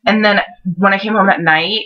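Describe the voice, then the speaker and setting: A woman's voice: mid-range voice, fairly even intonation, a little fast. A teenage girl in casual chat, chiming in with her own side of a shared concert story. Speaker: friend and co-vlogger. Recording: dull lo-fi webcam audio.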